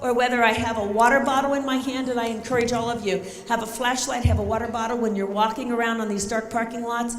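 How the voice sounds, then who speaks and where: A middle-aged woman giving an animated, emphatic motivational talk on self-defense, joking and acting out scenes. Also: fairly high pitch, fast talker, few pauses. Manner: emphatic, jokey, often shouting and acting out scenes. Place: large conference hall. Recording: echoey hall, faint ambience.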